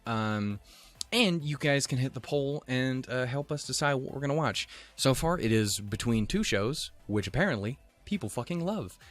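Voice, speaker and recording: A young man hosting an anime reaction channel chats casually, rambling, swearing often and laughing at himself while sounding a little out of breath. His medium-pitched voice has lively intonation and a normal pace.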